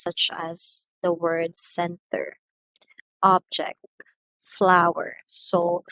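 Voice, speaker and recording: Filipina teacher going over word stress, patient and step by step, dry close mic. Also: female voice, medium pitch, no room sound, poor audio. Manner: patient explaining, switching into Tagalog asides. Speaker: English teacher. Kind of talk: recorded online lesson.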